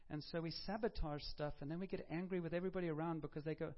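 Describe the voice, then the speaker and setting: A man's voice: fairly high pitch, steady tone, very fast. A man preaching a sermon in a conversational way, with humorous asides and self-corrections. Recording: dull lo-fi recording.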